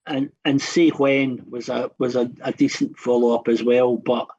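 A husky man in his fifties chats as a radio guest, wandering through long stories and often circling back to restart a sentence. His voice has a slightly breathy edge at an everyday middle pitch. The recording sounds a little dull and muffled. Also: level tone, normal speed, a little mellow. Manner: rambling anecdotal storyteller with frequent restarts. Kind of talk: casual radio chat.

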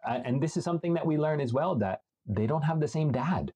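A man's voice: on the high side, animated, brisk, dark tone, husky. A man discussing a film casually, reflective and working from his notes.

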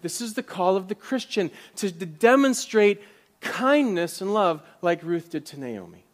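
A man delivers a sermon in a church, his voice a touch higher than most men's. He retells the words of biblical figures with mounting intensity and drops now and then to a hushed whisper. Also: big pitch swings, measured pace. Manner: drops to a soft whisper at tender moments. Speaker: pastor.

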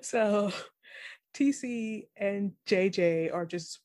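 A woman's voice: medium pitch, slow. A woman co-hosting a podcast, chatting casually and retelling a show's plot with lots of laughter. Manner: giggly, animated storytelling. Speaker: podcast co-host. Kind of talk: casual recap chat.

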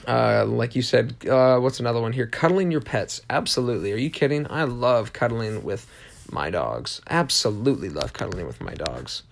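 Man, podcast host, gravelly fry in the voice, mid-pitched, earnest rambling motivational talk, repeats emphatic affirmations. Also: lively intonation, normal speed. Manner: earnest and rambling, with frequent restarts and asides.

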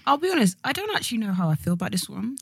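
A woman's voice: fairly high pitch, big pitch swings, racing, gravelly, husky, no echo, clean studio sound. A young woman co-hosting a podcast, chatting playfully and often trailing off mid-sentence. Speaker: podcast co-host. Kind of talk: casual chat.

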